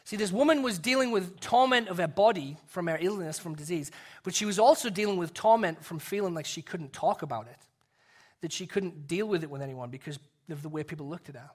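Guy preaching a sermon, kinda high voice, earnest, goes real soft and quiet to make a point. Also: a little fast. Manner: earnest, drops to a soft hush for emphasis. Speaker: pastor.

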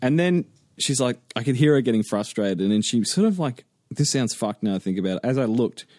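Animated, swearing man telling a story. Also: medium pitch, a little fast, dry recording, studio quality. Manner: animated, swears a lot, acts out quotes in raised voice. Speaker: podcast co-host. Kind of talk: casual storytelling chat.

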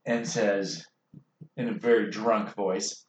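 A man narrating as game master of a tabletop game, unhurried with dry humor. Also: fairly low pitch, slight background noise. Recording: echoey muffled room mic.

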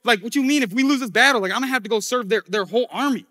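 A man's voice: extremely high pitch, rapid-fire, pushed and bright, long reverb tail, voice pushed up. A man voicing an exasperated king who rambles in disbelief. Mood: incredulous. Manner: rambling, incredulous.

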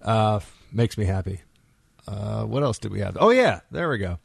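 A man hosting a talk radio show, telling stories in an animated, conversational way into a studio microphone. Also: lowish voice, moderate pace, gravelly, breathy edge, no echo.

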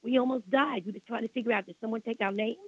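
Heard on a tinny phone line with no room sound, an older Brooklyn woman talks fast in a high-ish voice with a breathy edge. She's a radio interview guest telling long, rambling stories, repeating herself and voicing indignation about the past.

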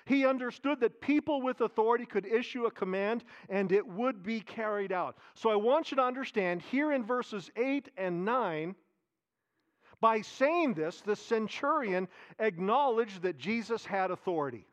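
A pastor with a fairly high voice delivers an animated sermon, repeating key phrases for emphasis. He alternates between raised, emphatic lines and quiet, hushed asides. His delivery is expressive and moderately paced.

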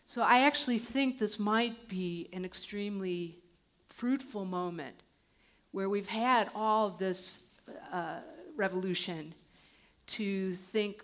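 A woman's voice: medium pitch, measured pace. A woman with an American accent arguing as a panelist at a public debate, earnest, often repeating words as she starts a point. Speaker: panelist, international law scholar.

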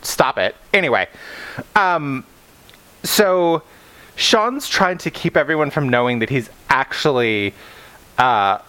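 Animated man chatting about a book. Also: medium pitch, takes it slowly, pauses often, clear, resonant tone. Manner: animated, swears freely, wanders off on tangents. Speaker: podcast co-host. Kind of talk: casual book discussion.

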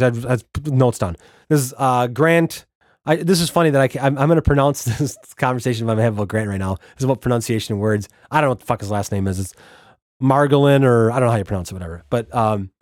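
A man's voice: mid-range voice, a little mellow, no room sound, studio quality. A man hosting a solo podcast, ranting profanely and with exasperation, with many restarts. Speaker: podcast host.

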